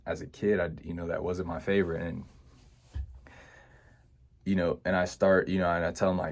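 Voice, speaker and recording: A man's voice: sits low, little pitch movement, moderate pace, long pauses. A young man telling a personal childhood story to his viewers, reflective and full of "you know" fillers and restarts. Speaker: vlogger.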